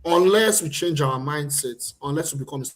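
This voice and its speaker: Preaching, somewhat high-voiced male panelist. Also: moderate pace. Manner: repetitive, preaching cadence. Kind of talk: opinionated monologue on a panel.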